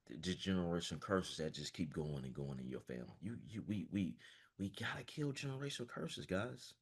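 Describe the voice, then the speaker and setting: A man's voice: deep voice, lively intonation, fairly quick, breathy edge. A man, a financial coach giving a passionate, emphatic motivational talk over a video call, peppered with "man". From small-town Florida, US.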